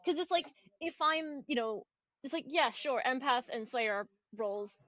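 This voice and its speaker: Woman, high and bright, on a dry, lo-fi call mic, patient step-by-step explainer. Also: animated, moderate pace, no room sound. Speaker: player in a social deduction game. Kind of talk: casual strategy chat over voice call.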